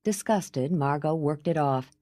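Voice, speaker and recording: A woman reads a romance audiobook in a lowish voice. Her delivery is even and composed. The recording is dry and close. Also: unhurried, dry recording. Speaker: audiobook narrator. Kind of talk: scripted audiobook narration.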